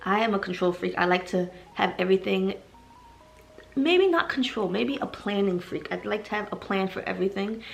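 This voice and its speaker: A heavily pregnant young woman records a personal vlog confession for her viewers, speaking emotionally, rambling, and sometimes getting tearful. Her voice is medium-pitched and gravelly at a normal speed, with soft music in the background.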